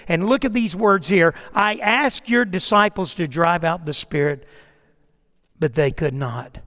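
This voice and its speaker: A man preaching a sermon as pastor, asking the congregation questions, repeating phrases for emphasis and dropping at times to a hushed near-whisper. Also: high voice, measured pace. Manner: preaching with rhetorical questions and repetition; swings between raised exhortation and hushed near-whispers. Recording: reverberant hall.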